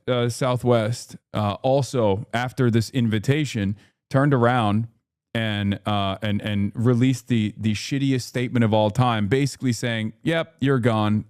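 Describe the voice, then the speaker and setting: A man's voice: medium pitch, darkish tone, no room sound, studio quality. A man streaming heated political commentary, talking indignantly with frequent restarts and fillers.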